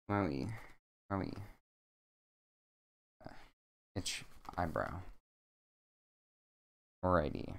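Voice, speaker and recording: Casual young guy, low voice, rambly deadpan bedtime story reading at a desk mic. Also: extremely slow, vocal fry, long pauses. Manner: rambling, with jokey deadpan asides. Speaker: streamer.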